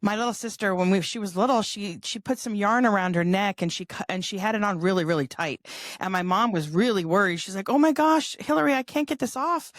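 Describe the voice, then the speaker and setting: A woman's voice: mid-range voice, a little fast, dry recording, studio quality. A woman in her fifties from California, telling funny family stories as a guest in a casual interview, laughing often and acting out voices. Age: 50s. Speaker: guest author.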